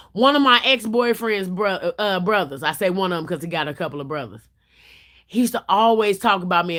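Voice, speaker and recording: A woman hosting a livestream, talking bluntly and swearing freely as she tells her stories. Her voice sits high and sounds bright and forceful. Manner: blunt, profane, storytelling. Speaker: livestream host. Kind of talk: casual chat on a livestream.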